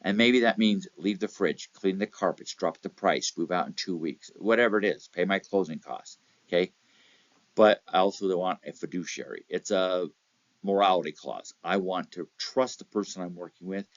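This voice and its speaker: A man's voice: low voice, moderate pace, dry recording, highs cut off. A man giving a motivational real estate talk, telling anecdotes, acting out little voices in them and checking in with "okay?". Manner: tells anecdotes, acts out voices, repeats "okay?".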